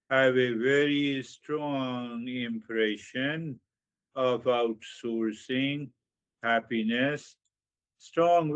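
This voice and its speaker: A man giving a spiritual talk on meditation, speaking slowly with drawn-out, repeated phrases and sudden emphatic rises. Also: mid-range voice, highs cut off. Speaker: meditation teacher.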